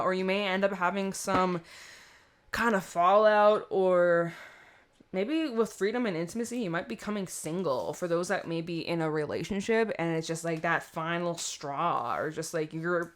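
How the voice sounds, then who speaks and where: A woman's voice: on the low side, fairly bright tone. A woman giving a casual tarot reading to camera, chatty and rambling, often laughing at herself. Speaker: tarot reader.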